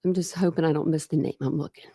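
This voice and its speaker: A chatty woman in her thirties talks casually to her livestream viewers, greeting them by name and laughing often. Her voice sits a little low, and the sound is dry and close. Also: fairly even intonation, fast, vocal fry, warm tone, breathy edge, dry recording. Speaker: true crime livestream host.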